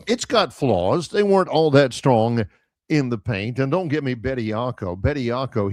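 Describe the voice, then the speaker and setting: A man's voice: fairly high pitch, dry recording, clean studio sound. A man who hosts a sports talk show and argues his points with emphatic, storytelling energy. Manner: emphatic, argumentative, lively storytelling. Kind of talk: sports talk radio debate.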